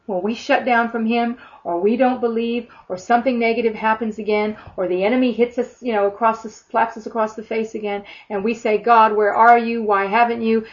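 A woman's voice: fairly high pitch, fairly even intonation, brisk, hardly any pauses. A woman preaching a sermon in a fervent, emphatic way, often acting out imagined prayers. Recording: dull lo-fi sound.

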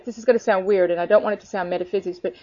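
A woman talking casually about her faith, earnest and animated, filling her talk with "you know.". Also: mid-range voice, very fast, no echo. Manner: animated, earnest, many fillers. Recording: dull lo-fi sound.

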